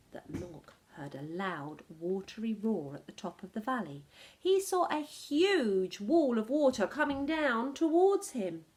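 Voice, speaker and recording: A woman reading a picture book aloud to children, animated and pausing to ask her listeners questions. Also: mid-range voice. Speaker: storyteller for children.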